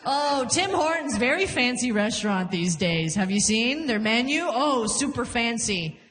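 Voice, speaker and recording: High-voiced woman doing stand-up. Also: unhurried, in a large hall. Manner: animated, laughs through punchlines, jumps into character voices. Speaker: stand-up comedian. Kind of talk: stand-up comedy set. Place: comedy club stage.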